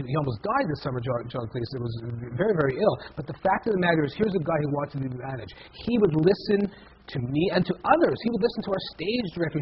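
A man in his fifties who heads a comedy festival is a guest in a casual interview, rambling with many restarts and repeated words. His voice is on the high side, and the lo-fi recording has slight background noise.

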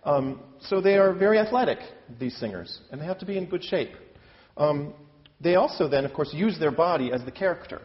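A man's voice: a little high, lively intonation, a little fast. A man from the US Midwest teaches opera singers in a chatty, self-deprecating way, gesturing as he talks. His voice carries a long reverb from a hall. The recording sounds a little dull. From Iowa, US Midwest. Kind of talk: lecture-demonstration.

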